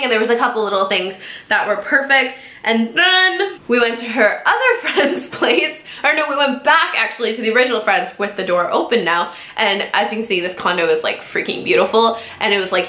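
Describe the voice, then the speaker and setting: A young woman vlogger chats through a storytime in a bright, fairly high voice. She fills her sentences with "like". The room around her is echoey. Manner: chatty, heavy on "like" fillers. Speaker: beauty vlogger. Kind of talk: casual storytime vlog.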